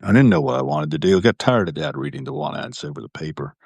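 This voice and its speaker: This 60-something Virginian hosts a live video from an indoor room in an old building, talking fast in a sing-song, husky bass. His personal stories meander, and he keeps correcting himself, all in a dry recording.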